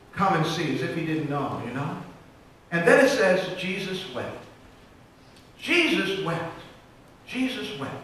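A man's voice: sits high, sharp tone, slight background noise. Echoey man preaching with impassioned swings. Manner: frequent restarts and repeated words. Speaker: pastor. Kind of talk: sermon. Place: church sanctuary. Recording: echoey church from a distance.

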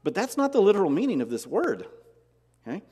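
A man's voice: sits high, huge pitch swings, fast, mellow, breathy edge, big-room sound. A man preaching a sermon as pastor, asking rhetorical questions and repeating key words for emphasis. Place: church sanctuary.

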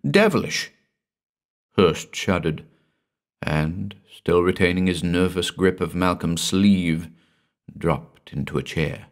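A man giving a measured, dramatic scripted narration of a classic horror story. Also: sits low, fairly even intonation.

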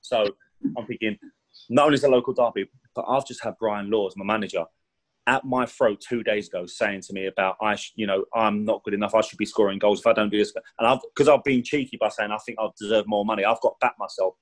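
Here a man with a fairly low voice talks fast and evenly, on a roughly recorded podcast where he appears as an ex-professional footballer. He tells career anecdotes in a loose, casual interview style, leaning on "do you know what I mean" and performing quoted lines louder.

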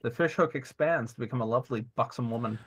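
A man's voice: mid-range voice, quick pace, slightly rough. A man streaming, reading a text adventure game aloud with playful asides.

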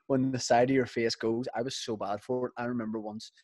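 A man's voice: medium pitch, little pitch movement, a little fast, darkish tone, no echo. A man co-hosting a podcast, telling rambling stories in casual chat, swearing and laughing as he goes. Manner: rambling storyteller, swears, laughs mid-story. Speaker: podcast co-host.

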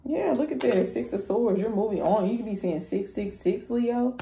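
A woman's voice: on the high side, moderate pace, gravelly, dark tone, echoey room, a little hiss or hum. A woman giving a casual tarot reading, blunt and profane, talking straight to her viewers. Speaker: tarot reader.

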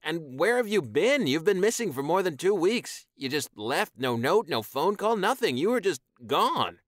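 A small, worried friend fires off indignant questions in a high, animated voice, as a male audiobook narrator puts him on. The read is close and dry. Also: moderate pace, no room sound. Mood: hurt. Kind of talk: audiobook character voice.

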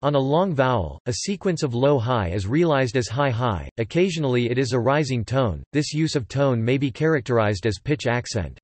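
A computer-generated man's voice reading an encyclopedia article, flat and even in delivery. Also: mid-range voice, normal speed, few pauses, no room sound. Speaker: text-to-speech reader. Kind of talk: synthetic encyclopedia narration. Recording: dry, close synthetic audio.

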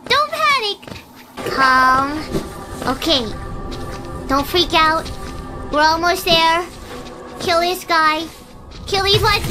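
A young woman with a strikingly high voice comments on her game as she plays. She is excitable and breaks into squeals and panicked outbursts, but her words come slowly and drawn out. Loud game music plays under her voice. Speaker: streamer. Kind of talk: live gameplay commentary.

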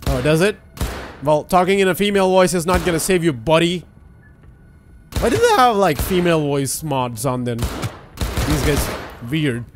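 A man giving excitable, profane, joking commentary while playing a video game. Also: fairly high pitch, normal speed, pauses often, noisy background. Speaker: gaming video host. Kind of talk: let's play commentary.

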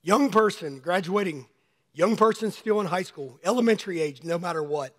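A man preaching a sermon to his congregation in a conversational way, calling on people by name, a little hoarse as he is losing his voice. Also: high-pitched, expressive, fairly quick. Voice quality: slightly hoarse. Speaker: pastor. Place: church sanctuary.

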